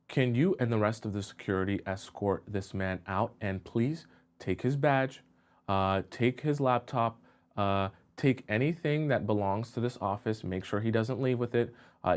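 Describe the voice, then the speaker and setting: A man voicing a calm male boss who coolly has an employee escorted out and fired. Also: mid-range voice, close to an everyday voice.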